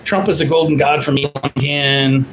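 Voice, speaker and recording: A man in his fifties ranting on a livestream, loud and profane, answering viewers' comments. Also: fairly high pitch, fairly even intonation, fairly quick, slight background noise, poor audio. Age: 50s.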